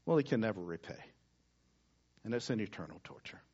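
A male pastor preaching a sermon, swinging from loud emphasis down to hushed, near-whispered words. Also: on the low side, expressive, fairly quick, breathy edge. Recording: dull lo-fi sound.

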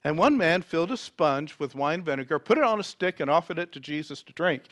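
A man preaching a sermon, reading scripture dramatically and swinging from loud emphasis to near whispers. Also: a little high, big pitch swings, brisk, few pauses, dry recording.

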